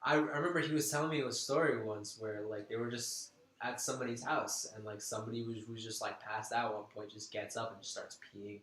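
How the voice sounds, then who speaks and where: A young man casually telling a story in a chat, animated and slangy, swearing freely. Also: mid-range voice, quick pace. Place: apartment room. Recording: echoey room.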